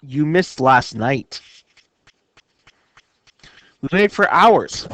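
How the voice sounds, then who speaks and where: A man's voice: on the high side, animated, very slow, a bit bright, full character voice. A man reading as Kim, a reproachful teen girl. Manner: plain read-aloud delivery of dialogue. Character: teenage girl, pragmatic and reproachful.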